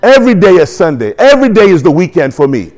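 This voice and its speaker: A man preaching a sermon, exhorting his congregation and calling for responses, building up to excited declarations. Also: high-pitched, fast talker.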